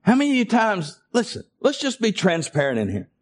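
A man's voice: high voice, huge pitch swings, brisk. A man preaching a sermon and calling for responses from his congregation. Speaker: pastor.

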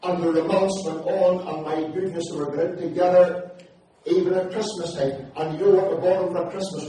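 A man's voice: a little high, dark tone, slight background noise. A middle-aged man preaching a sermon, telling his story with passion and rising into fervent declamation. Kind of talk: evangelistic sermon testimony. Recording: echoey hall, distant mic.

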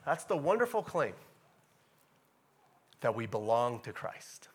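A man preaching a sermon in a casual, animated way, repeating key phrases and rising to loud emphatic bursts. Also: medium pitch, takes it slowly, husky. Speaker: pastor.

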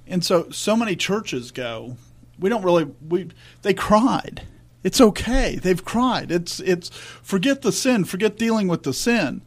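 A man's voice: high voice, very animated, unhurried. A man co-hosting a church discussion podcast, speaking earnestly and emphatically. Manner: earnest, emphatic, reads scripture aloud. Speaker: podcast co-host.

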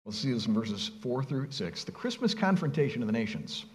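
A male pastor preaching a sermon in a conversational, animated way, asking his listeners rhetorical questions and speaking casually with them. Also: mid-range voice, a little fast. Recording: long reverb of a large hall.

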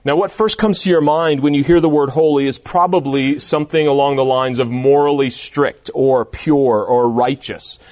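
A man's voice: medium pitch, steady tone, normal speed, few pauses, a little mellow, no room sound. A man delivers a sermon in a mid-range voice. He is earnest and emphatic, stressing his points through repetition. The recording is dry and close. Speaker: pastor.

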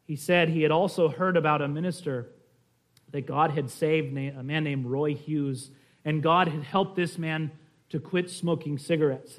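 Earnest male preacher, higher-pitched voice. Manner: earnest, direct address to listeners. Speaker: pastor. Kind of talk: sermon with storytelling.

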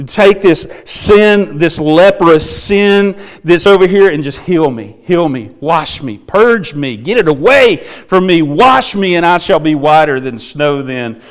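A male preacher delivers a heartfelt sermon. His voice sits high and comes through smooth and resonant, rising to emphatic passages and dropping to hushed ones. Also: animated, unhurried, few pauses. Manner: earnest, swings between emphatic and hushed; sings a few hymn lines.

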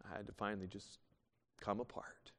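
Male pastor, lowish voice, sermon delivery with loud peaks and whispered asides, reverberant sanctuary. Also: level tone, brisk. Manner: swings between loud emphatic bursts and soft hushed asides. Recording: long hall reverb.

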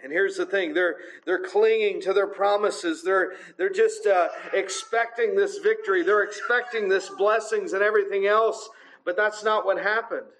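High-voiced man preaching a casual sermon. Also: steady tone, normal speed, fairly bright tone, a little hiss or hum, low-quality recording. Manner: conversational, many filler uhs.

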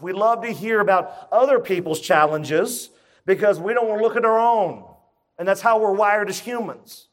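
A pastor preaching to his church congregation, emphatic and conversational, repeating his key points and putting questions to the room. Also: sits high. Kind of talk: sermon.

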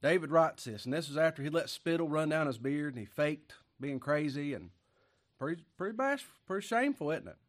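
A pastor preaching a folksy sermon while sick with a cough and short of breath, moving from quiet musing to loud emphatic lines. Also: male voice, fairly high pitch, animated, brisk.

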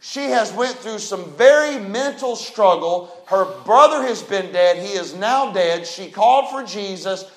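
Male preacher, very high voice, folksy and emphatic, echoey church. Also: expressive, measured pace, hardly any pauses. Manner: folksy, emphatic, rising to shouts. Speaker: pastor. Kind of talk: sermon.

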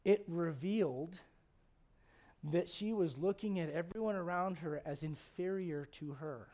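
A man's voice: on the high side, a little slow, dark tone. A middle-aged male pastor preaching a sermon with humor and many rhetorical questions.

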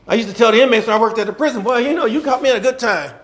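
A man's voice: very high voice, racing. A middle-aged man preaching a sermon in a folksy way, asking the congregation rhetorical questions and laughing between points. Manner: animated preaching, rhetorical questions, call and response.

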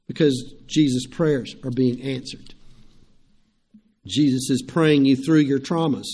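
A man, a pastor, preaching a sermon, swinging from loud emphatic lines to quiet storytelling. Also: fairly high pitch.

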